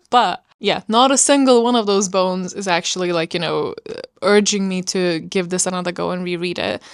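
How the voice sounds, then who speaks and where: Her voice is lowish and smooth, with some vocal fry, and she talks at a normal speed. She's a vlogger chatting casually about books, drifting from point to point and filling the gaps with lots of filler words.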